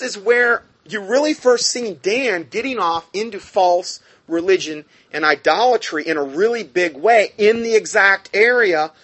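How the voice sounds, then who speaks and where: A man's voice: a little high, fairly bright tone. A man reading scripture aloud and explaining it in a conversational way, often checking in with his listeners. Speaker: Bible teacher.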